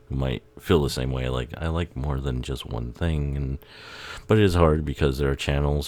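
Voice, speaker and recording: Very deep-voiced rambling male commentator. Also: darkish tone. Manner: rambling, swears freely, laughs often, loses his train of thought. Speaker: YouTube movie commentator. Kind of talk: casual rambling film commentary.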